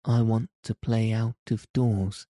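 A man's voice: lowish voice, flat delivery, slow pace, warm tone, no echo, clean studio sound. A man voicing a timid, lonely little girl in an audiobook, with hesitant, stammering pleas. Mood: timid pleading. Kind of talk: audiobook character reading.

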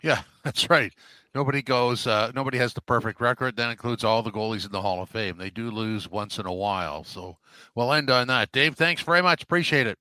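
A man's voice: mid-range voice, a little fast, sharp tone, dry recording. A man hosting a sports podcast, giving emphatic, punchy verdicts in a casual way. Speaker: podcast host.

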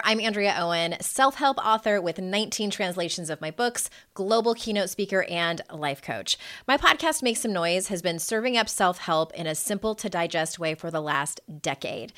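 A woman's voice: on the low side, lively intonation, moderate pace, bright, forceful tone. A woman reading a scripted, upbeat promo for her own self-help podcast.

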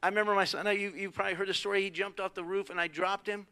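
A man's voice: high-pitched, rapid-fire, clear, resonant tone. A middle-aged man, a pastor, preaching a sermon and telling family stories, acting out the voices of the people in them. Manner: animated storytelling, acts out quoted voices.

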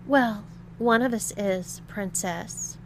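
A woman voicing a mean young woman with a husky voice who taunts and mocks. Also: mid-range voice, takes it slowly, slight background noise. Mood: taunting. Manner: mocking, teasing.

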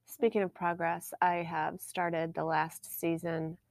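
A woman's voice: lowish voice, flat delivery, slow pace, creaky. A woman in her forties co-hosting a podcast, chatting casually and laughing often. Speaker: podcast co-host. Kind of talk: casual chat. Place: at home.

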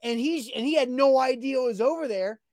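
A man hosting a sports radio morning show, telling a story in lively casual chat and acting out what people said. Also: very high voice, a little fast, no room sound, studio quality. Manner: animated storyteller, acting out quotes.

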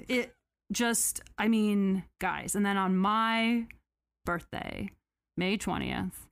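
A woman hosting a podcast, retelling a story in a casual, animated, sarcastic way with mock quotes. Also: mid-range voice, slow pace. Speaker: podcast host.

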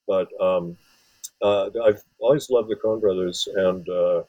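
A man's voice: deep voice, steady tone, measured pace, mellow, no room sound, highs cut off. A man from Wisconsin, an author and film scholar, giving long rambling interview answers full of restarts. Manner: rambling, many restarts and fillers.

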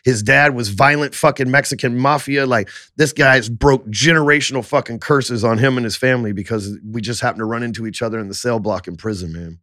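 A man telling his life story on a podcast in a profane, animated way. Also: medium pitch, fairly quick, few pauses, dry recording, clean studio sound.

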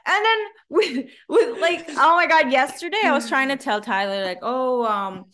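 A young woman from Macau, co-hosting a podcast in casual, animated chat, often laughing and imitating words. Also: high-pitched, normal speed. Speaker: podcast co-host.

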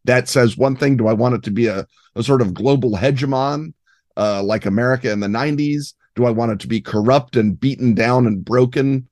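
A man talking as a guest on a gaming podcast, erudite and expansive, with a scattering of fillers. His mid-pitched voice is recorded close and dry. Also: fairly quick, darkish tone, no room sound. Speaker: guest game designer. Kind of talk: podcast interview.

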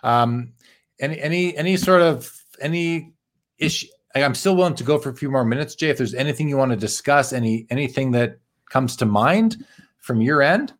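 A man hosting a live podcast in casual chat. He reads viewer comments aloud, talks in halting restarts, and says he is tired and losing his voice. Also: medium pitch, animated. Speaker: podcast host.

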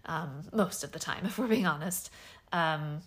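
Woman, 30s, solo podcast host; slightly low pitch, hesitant, soft-spoken delivery full of fillers. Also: measured pace, slightly rough. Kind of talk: casual personal podcast monologue. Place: home bedroom.

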